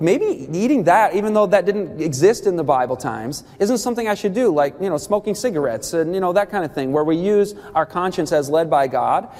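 A man giving an emphatic, animated talk on Bible diet rules, with quick asides and laughs. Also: high voice, long reverb tail.

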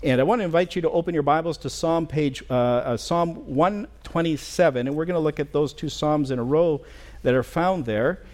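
A middle-aged man preaching a sermon as pastor in a church, earnest and halting, with many fillers and restarts. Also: fairly high pitch, darkish tone. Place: church sanctuary.

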